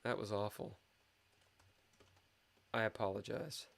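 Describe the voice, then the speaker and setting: A man's voice: fairly low pitch, flat delivery, slow pace, vocal fry. Frustrated man muttering over a chess game. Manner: frustrated, swearing, self-critical muttering. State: thirsty, dry-mouthed. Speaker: chess streamer. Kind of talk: live chess commentary.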